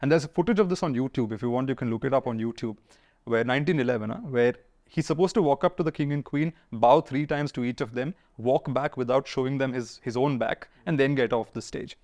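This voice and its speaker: A man, telling history stories in an interview and acting out the people he quotes. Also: mid-range voice. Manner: fast, animated storyteller acting out quoted figures. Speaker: historian guest. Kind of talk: conversational storytelling interview.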